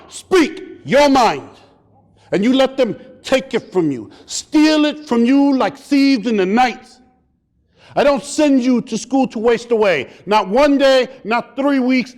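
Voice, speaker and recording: Man doing his stern proud father. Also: very high voice. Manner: firm, lecturing, rising to impassioned. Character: stern proud Puerto Rican father, middle-aged. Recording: long hall reverb.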